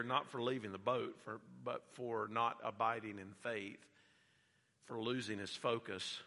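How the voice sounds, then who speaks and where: A man preaching a sermon as a pastor. He builds to loud, emphatic peaks, then drops back to quiet, earnest teaching. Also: medium pitch, big-room sound.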